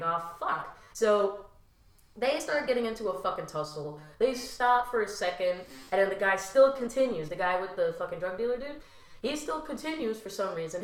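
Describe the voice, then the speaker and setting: A young woman telling a story as a podcast guest in casual chat, animated, swearing freely and acting out what people said. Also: medium pitch. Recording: roomy echo.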